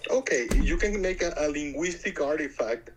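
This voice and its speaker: Accented male caller, slightly high voice, stumbles and repeats himself in a debate. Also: lively intonation, normal speed, background noise. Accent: foreign accent. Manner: stammering, repeats words, joking. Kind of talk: live-stream debate.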